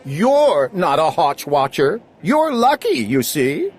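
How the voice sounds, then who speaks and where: A man's voice: high-pitched, big pitch swings, slow, slight background noise. A man reading a rhyming children's book aloud in a playful, sing-song storytelling manner. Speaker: storybook reader.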